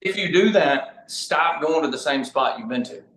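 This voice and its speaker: A man guesting on a podcast, telling hunting stories in a lively, casual way, speeding up in bursts. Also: fairly high pitch, slight background noise. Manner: animated, talks fast in bursts, laughs mid-story. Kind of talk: casual storytelling chat. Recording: roomy echo.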